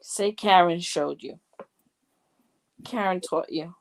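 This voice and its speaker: A woman's voice: on the low side, slow, gravelly. A woman co-hosting a casual live chat, giggly, reading viewer comments aloud.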